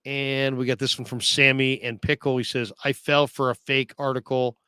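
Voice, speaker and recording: Man, sports talk host, casual, laughs often, mid pitch, dry sound. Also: flat delivery, normal speed, pushed and bright, smooth, dry recording. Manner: chatty, laughs often, reads comments aloud. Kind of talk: casual sports talk reading viewer comments.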